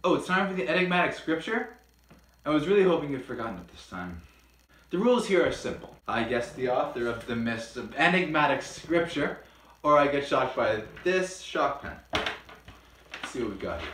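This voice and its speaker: A man's voice: fairly high pitch, sing-song, normal speed, fairly bright tone, slight background noise. A man presenting a scripted history lesson in a playful way, with jokey mock-dramatic outbursts. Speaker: history video host. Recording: roomy echo.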